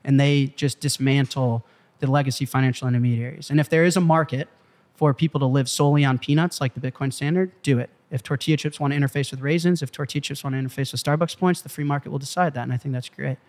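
A man as an interview guest, telling a story with excitable, profane emphasis in a casual way. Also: medium pitch, fast. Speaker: interview guest, company CEO. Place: Malibu.

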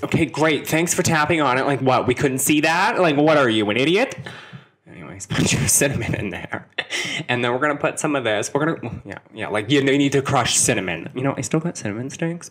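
A young man talking through a spell-making tutorial in a chatty, sarcastic way, often wandering off onto side topics. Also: on the low side. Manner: chatty, sarcastic asides, jumps between topics. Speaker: witchcraft video host.

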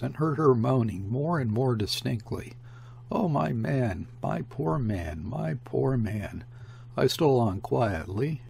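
A man narrates a literary tale with a gravelly, rough-edged voice. His tone is husky rather than clear, and his reading is measured, like a storyteller. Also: mid-range voice, darkish tone. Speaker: audiobook reader.

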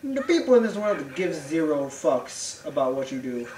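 Profane, lively young gamer. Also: medium pitch, moderate pace, slight background noise. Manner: profane, animated, mock voices. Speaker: game player. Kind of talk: casual let's-play banter. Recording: echoey room, distant mic.

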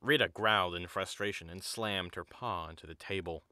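A man narrating an audio drama in an even storybook manner. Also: deep voice, normal speed, no room sound, studio quality. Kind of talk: scripted narration.

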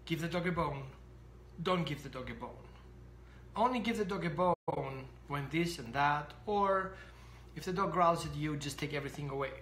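A dog trainer giving an animated explanatory talk to camera, acting out little scenes. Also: medium pitch, moderate pace, echoey room, a little hiss or hum.

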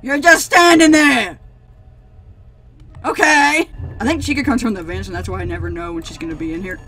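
Bright-voiced woman shrieking through a horror game. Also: mid-range voice, fairly even intonation, moderate pace, soft background music. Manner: sarcastic, talks back to the game characters; screams and shrieks at jump scares. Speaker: gaming channel host. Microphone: desk microphone.

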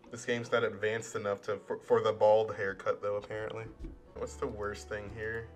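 A young man casually commentating a video game as he plays, swearing often, cracking sarcastic jokes and talking back at the characters. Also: fairly low pitch. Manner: profane, sarcastic, jokey. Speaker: gaming channel host. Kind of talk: casual let's play commentary.

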